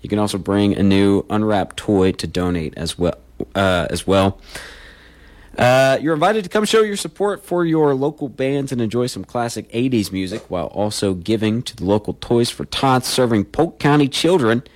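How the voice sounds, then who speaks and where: A man's voice: on the low side, expressive, normal speed. A man, a morning radio DJ chatting through community announcements in a folksy way. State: has the hiccups.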